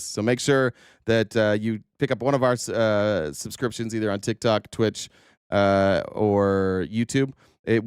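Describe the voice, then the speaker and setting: A man's voice: on the low side, darkish tone, clear, resonant tone, no echo, studio quality. A male livestream host doing political commentary in a sarcastic, profane style with lots of "uh" fillers.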